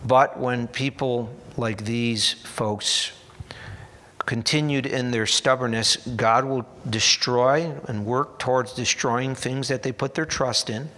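A man preaching a sermon as pastor, earnest and deliberate, slipping in dry humorous asides. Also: medium pitch, fairly even intonation, sharp tone. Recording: long hall reverb.

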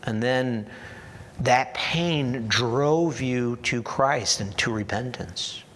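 A man delivers a sermon from the pulpit, unhurried and deliberate in his phrasing. His voice sits at an ordinary middle pitch, earnest but ready with a wry aside. The sound rings out with the long reverb of a large church hall. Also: fairly bright tone, a little hiss or hum. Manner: slow, earnest preaching with dry humorous asides. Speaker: pastor.

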